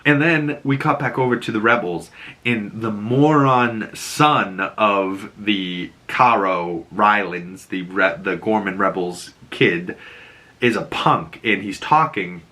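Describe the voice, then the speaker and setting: A man hosting a series breakdown channel, casually recapping episodes with excited, profane, acted-out retellings. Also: on the low side, takes it slowly.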